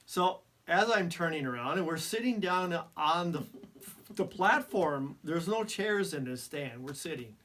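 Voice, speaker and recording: A man's voice: fairly high pitch, lively intonation, unhurried, fairly bright tone. Chuckling man in his fifties. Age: 50s. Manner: laughs often, self-deprecating. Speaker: podcast co-host. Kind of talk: casual storytelling.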